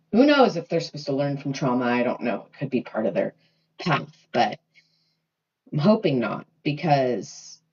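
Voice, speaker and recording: Heated mom ranting on a livestream. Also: female voice, deep voice, a little mellow, slightly rough. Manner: heated, swearing, rambling with many fillers. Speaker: livestream host, mother. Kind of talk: casual livestream rant. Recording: dull lo-fi phone audio.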